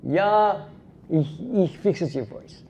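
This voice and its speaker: A man voicing an older male German doctor who speaks broken English in a soothing, low tone, with a put-on German accent. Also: animated, slow pace, mellow, dull audio, full character voice.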